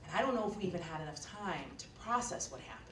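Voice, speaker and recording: In a lecture hall, a keynote speaker with a fairly low, lively voice races through an earnest, conversational story full of fillers. She's recorded from afar in the echoey room, with slight background noise.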